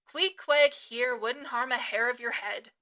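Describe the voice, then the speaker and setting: A grinning, easygoing innkeeper, as a woman reader voices him, teasing in folksy country speech. The voice rides high and bright, lively and loud. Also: unhurried. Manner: folksy, dialect-tinged speech.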